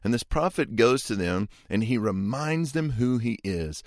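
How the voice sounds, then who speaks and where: A man's voice: mid-range voice, animated, measured pace, few pauses, dry recording, studio quality. A man hosting a podcast, giving earnest, conversational commentary on a Bible reading and sometimes acting out the people in the story. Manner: earnest, conversational, acts out quoted voices. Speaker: podcast host.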